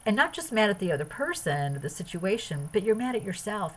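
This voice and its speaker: A woman's voice: mid-range voice, sing-song, fairly quick, hardly any pauses, poor audio. A woman hosting a podcast, giving an earnest spiritual self-help talk that runs through long lists of phrases. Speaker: podcast host.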